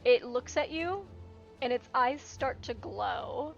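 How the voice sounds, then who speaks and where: A woman runs a tabletop game as its game master. Her voice sits high, and she narrates in a casual, descriptive way with easy laughter. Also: expressive, takes it slowly, vocal fry, muffled recording, soft background music.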